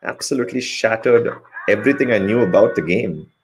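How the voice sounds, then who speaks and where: A man's voice: on the low side, fairly quick, slight background noise. A man giving a live cricket commentary hangout, rambling with joking asides and correcting himself mid-sentence.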